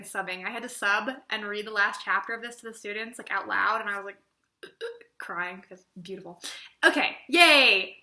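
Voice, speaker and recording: A young woman giving an opinionated casual book review, animated and chatty, acting out little conversations as she goes. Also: mid-range voice, reverberant. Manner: animated, chatty, acts out quoted exchanges.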